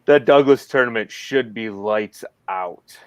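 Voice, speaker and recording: A man chatting as a guest on a fishing podcast, an animated storyteller who laughs often. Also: lowish voice, measured pace, smooth, no echo, muffled recording. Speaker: podcast guest, tournament angler. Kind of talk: casual podcast chat.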